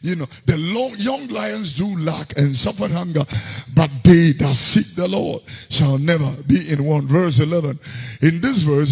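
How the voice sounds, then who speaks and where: A Ghanaian-accented man preaching a sermon, moving between quiet scripture reading and sudden sing-song shouts. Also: a little high, a little slow, gravelly, breathy edge, long reverb tail.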